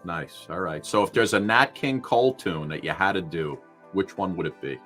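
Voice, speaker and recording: Chatty male talk-show co-host, low voice. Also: normal speed, fairly bright tone, faint music behind. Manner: loose, chatty sign-off with fillers. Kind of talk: casual chat.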